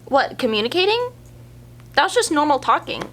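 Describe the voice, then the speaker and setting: A woman's voice: high voice, big pitch swings, normal speed. A woman coworker in an office comedy skit, nagging and exasperated as she questions him. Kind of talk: mockumentary comedy acting.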